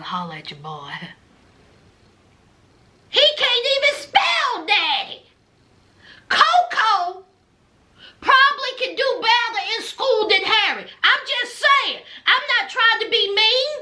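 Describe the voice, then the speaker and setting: A woman's voice: very high voice, sing-song, slow, pushed and bright. A woman, recapping a reality show in a blunt, sassy way to her viewers. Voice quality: thick accent. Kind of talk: casual recap vlog.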